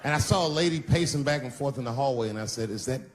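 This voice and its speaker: A man performing stand-up comedy on a large theater stage, telling profane, animated stories and acting out quotes. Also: mid-range voice, fast. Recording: live theater recording with background noise.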